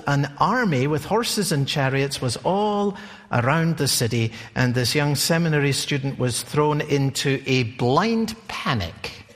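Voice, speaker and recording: A male preacher delivering a sermon at a very slow, deliberate pace, telling the story and putting questions to his listeners. His voice sits a bit higher than most men's, and a long hall reverb trails every phrase.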